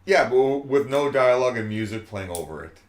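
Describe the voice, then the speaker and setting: A man's voice: mid-range voice, lively intonation, a little fast. A man co-hosting a podcast, animatedly retelling film scenes and acting out the quotes. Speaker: podcast co-host. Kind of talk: casual film-review chat. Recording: roomy echo.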